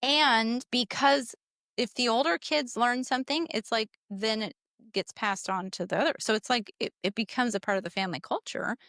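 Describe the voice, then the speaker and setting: A woman co-hosting a parenting podcast, explaining in a measured way and filling in her partner's points. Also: a little high, a bit bright, no echo, studio quality. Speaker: podcast co-host. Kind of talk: casual conversational podcast.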